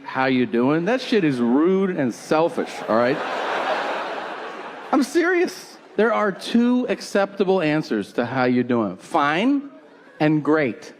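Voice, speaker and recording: Brief: male stand-up comic, lively swooping pitch, acts out both sides of his stories, live room noise behind him. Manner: incredulous storytelling, acting out both sides of a dialogue. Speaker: stand-up comedian. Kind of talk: stand-up comedy set. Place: live comedy venue with audience. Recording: live show with audience noise.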